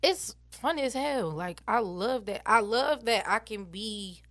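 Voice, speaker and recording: A woman in her twenties, an animated and blunt interview guest who swears freely. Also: a little high, slow pace, no room sound. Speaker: interview guest, battle rapper. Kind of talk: casual interview chat.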